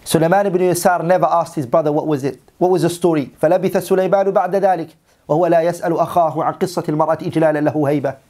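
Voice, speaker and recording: A man's voice: fairly high pitch, fairly even intonation, very fast, mellow. A man teaching a religious story as a sermon, reading Arabic passages and then translating and repeating them in English. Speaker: Islamic teacher.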